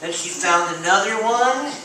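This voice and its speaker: A storyteller gently telling a fairy tale to children, speaking to them directly. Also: mid-range voice, lively intonation, moderate pace, slight background noise. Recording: very echoey room, far mic, music.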